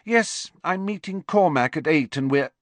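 A man voicing a clever teenage girl who talks brightly and with pointed sweetness. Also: on the high side, expressive, unhurried, no room sound, pitched above the performer's own voice. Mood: pointedly sweet. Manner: bright, emphatic, with a put-on giggle.

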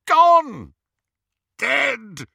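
A man reading an anguished, bitter grown man in an audiobook, pleading in a strained voice that breaks into shouts. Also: medium pitch, huge pitch swings, slow, dry recording, clean studio sound, exaggerated voice.

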